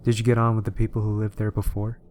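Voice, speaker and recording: A man's voice: on the low side, completely flat delivery, fast talker, a little mellow, a little hiss or hum, lightly acted. A man voicing an anxious, lonely young wife in a horror story reading, with slightly raised, nervous questioning. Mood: uneasy.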